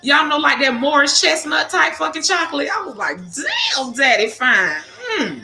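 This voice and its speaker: Give me a woman host, talking frankly and cussing, a bit higher pitched, recorded in an echoey room. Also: expressive, a little fast, gravelly, bright, forceful tone. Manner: frank and salty, lots of cursing and laughter. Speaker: livestream host. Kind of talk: casual chat to viewers. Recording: echoey room with music behind.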